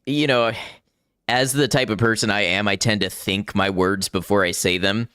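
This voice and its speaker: Man, low voice, dry close mic, let's-play commentary, thinking aloud. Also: steady tone, normal speed, bright, forceful tone, clear, resonant tone, no echo. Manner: thinking aloud, chuckling often. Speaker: gaming streamer.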